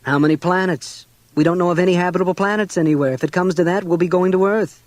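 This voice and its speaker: A man's voice: a little high, lively intonation, fast talker, no echo, lightly acted. A man voicing a stubborn, anxious husband and father who argues tensely. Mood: angry. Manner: tense, argumentative.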